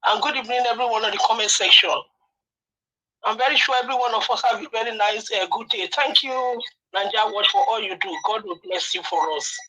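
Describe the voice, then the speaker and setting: Brief: high, bright-voiced woman caller, fervent and loud, phoned in on a dull line. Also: brisk. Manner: impassioned, rising to shouting. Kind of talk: call-in radio comment.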